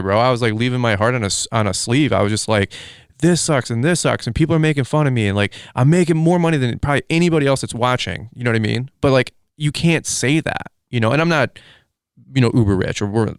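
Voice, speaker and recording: A man hosting a podcast in casual chat, rambling excitably with lots of fillers. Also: lowish voice, smooth, no echo, studio quality. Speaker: podcast host.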